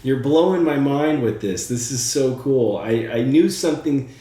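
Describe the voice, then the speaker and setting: A man's voice: medium pitch, lively intonation, normal speed, mellow, echoey room. A man working as a psychic medium who speaks to a spirit during a session. He is eager and thinks aloud, with plenty of fillers.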